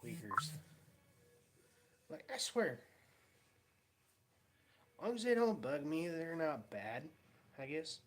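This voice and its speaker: A man's voice: a little high, sing-song, takes it slowly, long pauses, a little hiss or hum. Guy rambling through his day on a vlog, dry wry tone, mocks people he met. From Pacific Northwest of the US. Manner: rambling, wry storytelling with mocking voices. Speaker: vlogger. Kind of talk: casual vlog chat.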